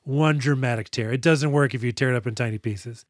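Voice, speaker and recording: A man's voice: mid-range voice, brisk, no room sound, studio quality. A man co-hosting a movie podcast, recapping scenes with sarcastic, profane jokes in a casual chat. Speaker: podcast co-host.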